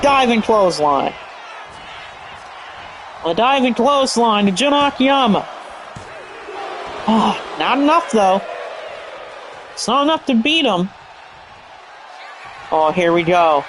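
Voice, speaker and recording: High-voiced excitable male commentator. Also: takes it slowly, long pauses, slight background noise. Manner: energetic, bursts into shouts at big moves; stumbles over move names and corrects himself. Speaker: play-by-play commentator.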